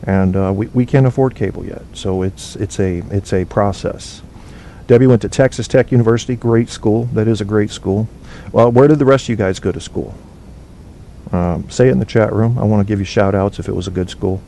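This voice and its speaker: Gravelly, profane man hosting a podcast. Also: fairly quick, dark tone. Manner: blunt, profane, rambling. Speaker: podcast host. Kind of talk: casual solo talk with live chat. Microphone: cheap low-quality microphone. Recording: faint noise on a low-bitrate stream.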